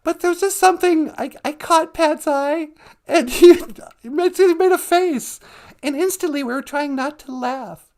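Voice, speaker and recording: A woman co-host telling an anecdote in a giggly, animated way. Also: sits high, moderate pace.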